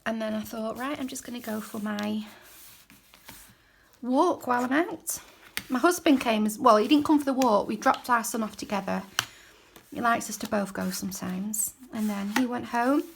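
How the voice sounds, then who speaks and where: Chatty woman, slightly high voice. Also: normal speed, vocal fry, a little hiss or hum. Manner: chatty, rambling, drops to soft mutters while working. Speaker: craft journaling creator. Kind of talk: casual crafting chat while working. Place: home craft desk, indoors.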